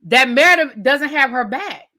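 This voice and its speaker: A woman's voice: high voice, animated, normal speed, sharp tone. A woman hosting a reality TV recap, ranting in a sassy, conversational way and talking straight to her viewers. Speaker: TV recap host. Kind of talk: animated reality TV rant.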